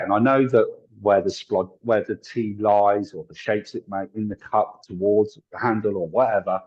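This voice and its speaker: Middle-aged man, low and husky, chatty storyteller, dull lo-fi call audio. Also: darkish tone. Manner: chatty, laughs often, acts out quoted voices. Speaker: guest, tarot reader and psychic medium. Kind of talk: casual storytelling in an interview. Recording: dull lo-fi sound.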